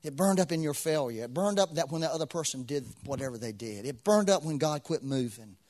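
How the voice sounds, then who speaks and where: A man's voice: fairly high pitch, expressive, a little fast, a little mellow. A man preaching a sermon to a congregation, repeating phrases with swelling intensity. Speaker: pastor.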